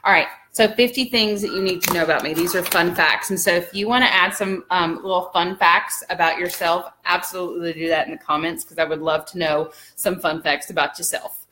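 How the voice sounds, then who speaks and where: A woman's voice: on the low side, steady tone, brisk, few pauses, bright, forceful tone. Chatty Southern woman vlogging at home. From Alabama, US. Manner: chatty and upbeat, many "um"s. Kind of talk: casual home vlog. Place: home living room.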